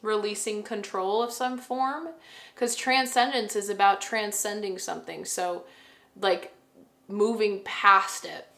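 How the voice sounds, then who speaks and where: A woman's voice: medium pitch, fairly even intonation, measured pace, pushed and bright, reverberant. A woman chatting casually to camera as she lays out a tarot reading, thinking aloud and breaking into gushing bursts. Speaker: tarot reader. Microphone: camera mic.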